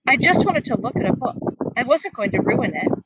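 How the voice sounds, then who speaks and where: A woman's voice: high voice, big pitch swings, a little fast, dull audio, background noise, pitched above the performer's own voice. A woman voicing a troubled young schoolboy, hesitant and plaintive, in a read-aloud storybook.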